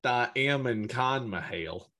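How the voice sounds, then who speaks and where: A man's voice: medium pitch, animated, measured pace, pushed and bright. A man hosting a casual podcast, talking in a rambling, easygoing way. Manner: rambling, with fillers and laughs. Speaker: podcast host.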